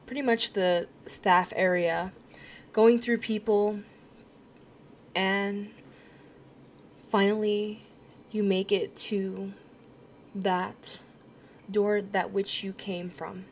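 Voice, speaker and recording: A woman running a tabletop role-playing game, narrating scenes in a giggly, halting way with many fillers. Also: mid-range voice, steady tone, creaky, darkish tone, a little hiss or hum. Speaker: game master.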